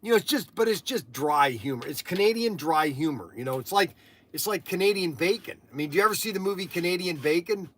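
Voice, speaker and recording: A man hosts a casual livestream and rambles from one story to the next. He laughs at his own anecdotes and often trails off before starting a sentence over. His voice sits a little higher than most men's. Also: animated, fairly quick, a bit bright, a little hiss or hum. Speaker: livestream host.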